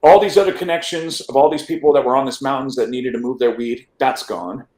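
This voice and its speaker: A man's voice: mid-range voice, brisk, darkish tone. Man telling a story in a roomy space. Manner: rambling, restarts with repeated words, asks "right?" often. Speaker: interview guest. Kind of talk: casual storytelling in a podcast interview.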